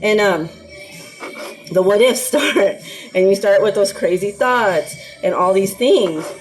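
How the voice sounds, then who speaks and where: A woman's voice: medium pitch, expressive, takes it slowly, low-quality recording. Woman, chatty vlog host, mid-range voice, rambling with fillers, faint music under her. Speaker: anxiety vlogger.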